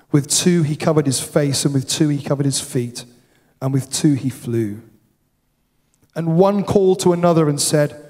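A man's voice: on the high side, darkish tone. Preaching man in a reverberant church. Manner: emphatic preaching, repeats words for stress. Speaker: pastor. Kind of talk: sermon. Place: church hall. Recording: long hall reverb.

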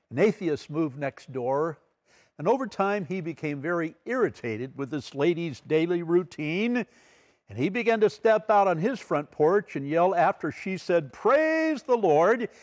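A fairly high-voiced male pastor. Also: darkish tone, no room sound. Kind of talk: midweek Bible study sermon.

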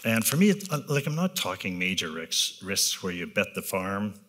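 A man's voice: low voice, big pitch swings, fairly bright tone. Candid man speaking to a live audience. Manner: candid, self-deprecating, with frequent tag "right?"; rambling, with restarts and filler pauses. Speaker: business leader giving a talk. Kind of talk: personal talk to a live audience.

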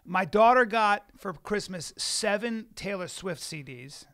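A man's voice: high-pitched, lively intonation, unhurried, a bit bright. A man in his forties, a comedian co-hosting a podcast, telling a rambling, profane story in casual chat. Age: 40s. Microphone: studio mic.

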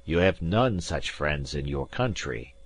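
A man reading as a bold Jacobite gentleman. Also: extremely low pitch, expressive, a little slow, dry recording, voice pushed down, exaggerated voice. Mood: grim. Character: proud, fiery Scottish Jacobite gentleman, bold.

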